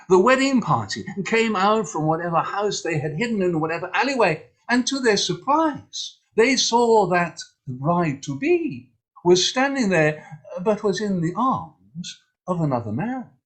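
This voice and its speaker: A man's voice: high-pitched, sing-song, a little slow, breathy edge. A man telling a humorous folk tale and hosting an online story event, playful and full of mock drama, heard over a video call.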